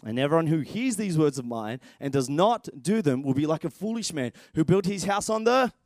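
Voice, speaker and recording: A man in his thirties preaching a sermon as pastor, telling stories with animated energy and sudden shouts. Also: fairly high pitch, brisk, no echo. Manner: animated storytelling, shouts at dramatic moments.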